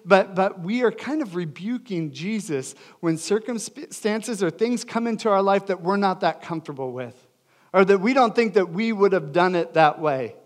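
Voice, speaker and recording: A young adult man preaching a sermon as pastor, earnest and emphatic, swinging between loud and hushed delivery. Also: sits high, expressive, normal speed.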